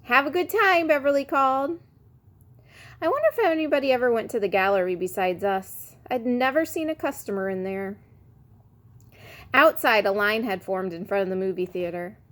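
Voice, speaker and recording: A woman reading a children's chapter book aloud in a lively, expressive way. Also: medium pitch, fairly quick. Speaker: reader.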